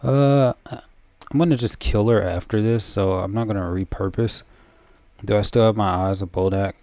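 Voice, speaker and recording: Deep-voiced man musing over his gameplay. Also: normal speed, no room sound. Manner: relaxed, thinks aloud while playing. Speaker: video game player. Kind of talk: casual gameplay commentary.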